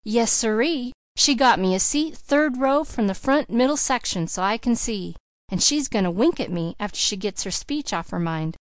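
A woman's voice: a little high, lively intonation, moderate pace, no room sound, studio quality, natural voice. Woman reading as a boastful little farm boy. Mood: eager chatter. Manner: chattering, boastful, folksy grammar. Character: eager boastful small country boy.

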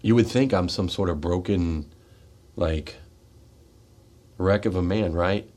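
Deep-voiced man in a raw confession. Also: slow. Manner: raw, confessional, swings between forceful and hushed. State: tearful and shaky. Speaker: radio show host. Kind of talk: emotional personal monologue. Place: radio studio.

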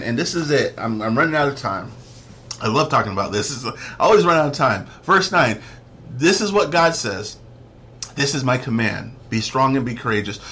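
A man's voice: a little high, a bit bright. A man preaching a devotional sermon to listeners, emphatic and fond of repeating phrases for stress. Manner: says "get this" often.

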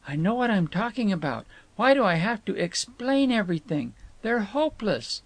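A man's voice: high voice, very animated, normal speed, dry recording, pitched above the performer's own voice, heavily acted. Man voicing a petulant, haughty young woman. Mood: scornful. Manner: haughty and fretful, scolding. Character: moody, petulant young woman, tired traveler.

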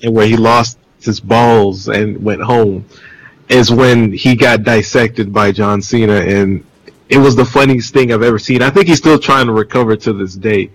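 Animated man calling out wrestling moves. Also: lowish voice, normal speed, poor audio. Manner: animated, acts out matches like a play-by-play. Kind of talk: casual podcast chat about wrestling.

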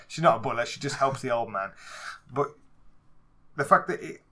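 A man with a Black Country accent, co-hosting a casual movie podcast, talking in a lively way, swearing freely and acting out scenes in raised voices. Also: medium pitch, normal speed. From England. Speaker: podcast co-host. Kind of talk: casual movie review chat.

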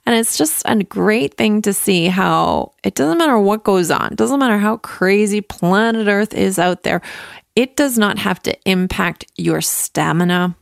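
A woman in her thirties hosts her podcast solo from home. She chats in an upbeat way and acts out her own thoughts, with a gravelly fry under her voice. The recording is dry and close. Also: mid-range voice, a little slow, no echo. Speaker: podcast host. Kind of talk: casual solo podcast talk.

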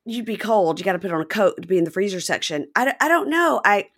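A woman from the Deep South, co-hosting a podcast and joking through a casual recap. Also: quick pace. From American Deep South. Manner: animated, joking, lively asides. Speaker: podcast co-host.

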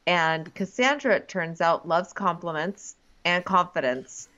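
A woman's voice: on the low side, lively intonation, a little slow, sharp tone, lo-fi sound. A woman co-hosting a casual chat, sarcastic and crude as she recaps a reality show. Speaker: podcast co-host.

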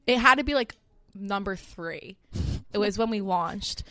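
A woman's voice: medium pitch, unhurried, sharp tone, dry recording. A woman in her twenties co-hosting a podcast, telling stories in casual chat, swearing and laughing a lot. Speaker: podcast co-host.

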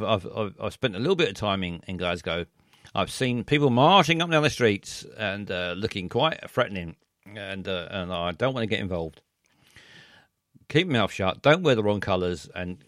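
A man's voice: on the low side, fairly bright tone, dry recording, studio quality. A middle-aged man, hosting a late-night show and rambling through listener messages, hesitant and self-deprecating with many stammers. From England.

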